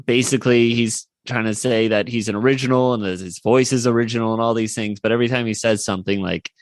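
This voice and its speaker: A man's voice: medium pitch, steady tone, fast talker, dry recording. A man co-hosting a podcast, recapping a cartoon episode in a rambling, casual way. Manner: rambling recap, with frequent fillers and laughs. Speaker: podcast co-host.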